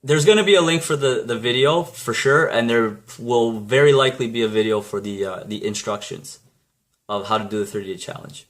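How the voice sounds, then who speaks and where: Talking to camera a little fast in a medium-pitched voice, this vlogger dishes out blunt motivational advice. It's casual and rambling, full of restarts and mild swearing.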